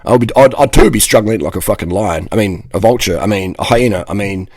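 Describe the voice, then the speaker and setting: A man's voice: fairly low pitch, quick pace, darkish tone, no room sound. A man, ranting casually to camera in a blunt, rambling, profane way. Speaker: vlogger.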